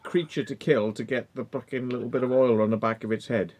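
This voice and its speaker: A man's voice: medium pitch, fairly even intonation, fairly quick, darkish tone. A man hosting a podcast, chatting in a laid-back way with profane asides. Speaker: podcast host. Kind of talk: casual chat.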